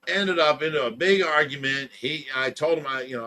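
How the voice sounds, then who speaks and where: This livestream host speaks a little high and a little fast, pushed and bright, barely pausing. He's casually telling a long story, rambling with plenty of "you know" and "blah blah," and gets heated recounting an argument.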